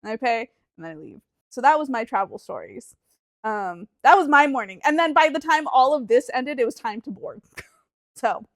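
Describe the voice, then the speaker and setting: With a high-pitched voice at a moderate pace and no room sound, a young woman co-hosts a podcast. Her casual storytelling is animated, full of acted-out quotes, plenty of swearing, and frequent "like."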